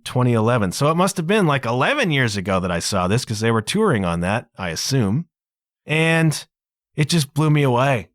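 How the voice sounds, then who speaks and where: A man's voice: a little high, no room sound. A man talks about songs he loves in an easygoing, enthusiastic way, his voice rising and falling a lot. The recording is dry and close, with no room sound. He keeps throwing in a casual "man" as he goes. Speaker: podcast host. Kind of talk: casual music commentary.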